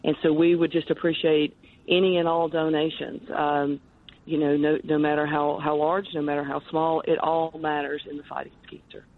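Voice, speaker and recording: A woman's voice: deep voice, level tone, moderate pace. A woman guest, a charity director, talking earnestly in a podcast interview, rambling with frequent restarts. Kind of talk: podcast interview over the phone. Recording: tinny phone line.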